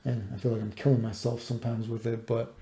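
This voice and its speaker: A man in his thirties, rambling through a personal story with a gravelly edge and a dark, relaxed tone. He swears freely and sounds exasperated as he retells it in a casual vlog manner. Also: medium pitch, quick pace. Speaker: vlogger.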